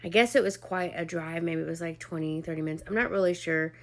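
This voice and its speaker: Young woman, lower voice, casual chatty storyteller, emotional testimony vlog. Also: fast talker. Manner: chatty, heavy on "like" and "um", acts out quoted dialogue. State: emotional, near tears at points. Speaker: vlogger sharing a personal testimony.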